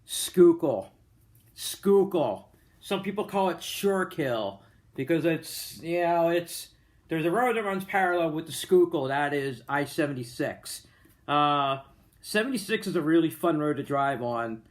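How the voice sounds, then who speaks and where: A man's voice: fairly high pitch, animated, moderate pace. A man with a Delco Philadelphia-area accent, talking to camera in a chatty, rambling way with lots of fillers and jokey asides. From Delaware County, Pennsylvania. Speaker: vlogger. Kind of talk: casual explanatory monologue.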